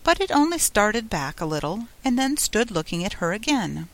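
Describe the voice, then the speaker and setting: A woman narrates a children's storybook with an animated, expressive delivery. Her voice sits at a middle pitch but moves a lot, rising and falling through each sentence. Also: normal speed. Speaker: audiobook narrator.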